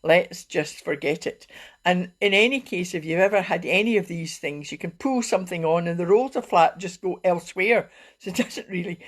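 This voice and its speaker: A woman's voice: on the low side, normal speed. A middle-aged woman, a wellbeing coach talking casually on a live stream in a chatty, rambling way. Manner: chatty and rambling, with frequent fillers and laughs.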